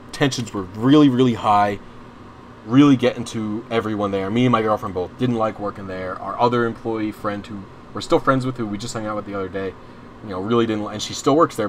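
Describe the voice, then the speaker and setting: Against slight background noise, a young man with a lowish voice streams a game while telling a long personal story. He rambles casually, restarts often, and swears now and then.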